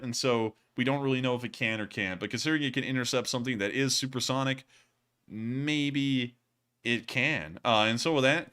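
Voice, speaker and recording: A man's voice: mid-range voice, pushed and bright, clean tone. A man hosting a casual livestream, answering viewer comments in a rambling way with lots of fillers and chuckles. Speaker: livestream host.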